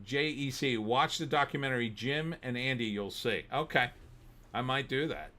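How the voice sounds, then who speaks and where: A middle-aged man, hosting a livestream and telling animated stories between reading chat comments, sometimes bursting into shouting. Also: medium pitch, moderate pace. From New Jersey. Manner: animated storyteller, bursts into shouting when riled. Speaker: host.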